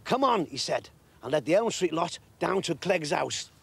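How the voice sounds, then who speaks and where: A man reads a storybook aloud, expressive and measured, his pitch swinging widely from line to line. The voice is on the high side for a man and carries a husky grain. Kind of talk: storybook reading.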